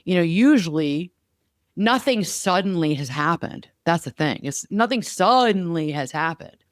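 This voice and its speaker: A woman talks in a smooth, even-toned voice, recorded close and dry with no room around it. She co-hosts a casual podcast and tells her stories in an animated, chatty way. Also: on the low side, measured pace, no room sound. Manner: animated storyteller, lively and chatty. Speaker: podcast co-host.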